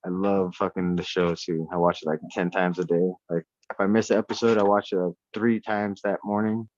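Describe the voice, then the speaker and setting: A man in casual chat, talking at home in a rambling, profane, animated way. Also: sits low, fairly quick, no echo. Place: indoors at home. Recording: dull lo-fi sound.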